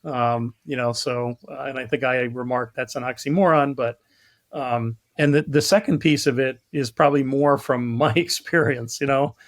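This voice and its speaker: A New York man with a medium-pitched voice speaks at a normal speed. He's a product marketing lead appearing as a guest on a casual podcast, where he tells stories and jokes with cynical, self-deprecating humor and acts out the voices.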